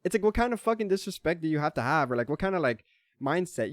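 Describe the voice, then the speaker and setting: Young male vlogger, heated swearing rant, slightly high voice, dry home mic. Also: lively intonation, rapid-fire, no room sound. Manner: heated, swearing, repetitive restarts. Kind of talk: casual ranting monologue. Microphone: desk microphone.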